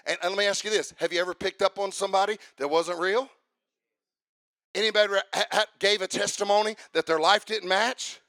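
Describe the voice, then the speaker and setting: Preacher guy, real high gravelly voice, bright and sharp, gets fired up and shouts, dry sound. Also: fairly quick, no room sound. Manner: fervent, builds to shouting and sing-song chanting. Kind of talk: sermon.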